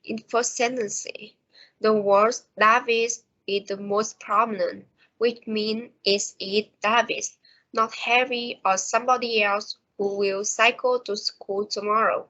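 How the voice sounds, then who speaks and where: A young woman with a Vietnamese accent reading a class presentation slowly and carefully, with small slips and restarts. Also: mid-range voice, steady tone, bright, forceful tone. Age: young adult. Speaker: student presenter. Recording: dull lo-fi home recording.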